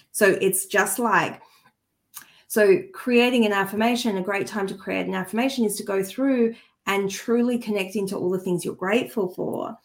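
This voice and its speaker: A woman who works as a spiritual healer, chatting earnestly and with feeling on a podcast, often restarting her sentences. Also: medium pitch. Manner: earnest and heartfelt, easily moved; chatty, with frequent restarts and asides. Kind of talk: casual conversational chat.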